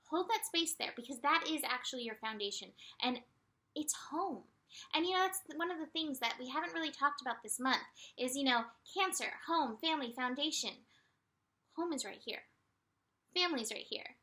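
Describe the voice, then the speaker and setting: A woman giving a casual spiritual astrology and tarot forecast in a gentle, soothing way, with light laughs and animated asides. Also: high-pitched, brisk.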